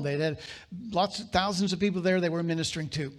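A high-pitched male pastor delivers a sermon, reading scripture aloud with dramatic pauses and sudden bursts of emphasis.

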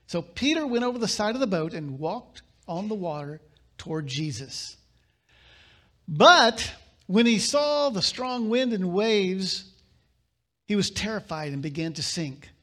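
High-voiced male pastor preaching. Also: lively intonation, a bit bright. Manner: reads scripture aloud with dramatic pauses and sudden bursts. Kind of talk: sermon.

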